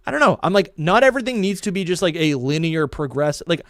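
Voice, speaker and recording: A man's voice: fairly high pitch, very animated, quick pace, dry recording, clean studio sound. Musing male podcast co-host. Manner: reflective, filler-heavy musing. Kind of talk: casual chat.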